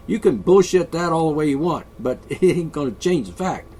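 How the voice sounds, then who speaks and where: A man's voice: a little high, expressive, normal speed, darkish tone, husky. A man vlogging an opinionated, rambling monologue, sarcastic and sighing often. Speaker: video blogger.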